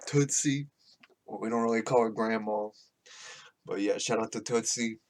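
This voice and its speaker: A man's voice: on the low side, measured pace, slight background noise. A man hosting a podcast, rambling casually and swearing a lot, with frequent laughs. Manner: profane, rambling, laughs often. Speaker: podcast host. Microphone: podcast microphone.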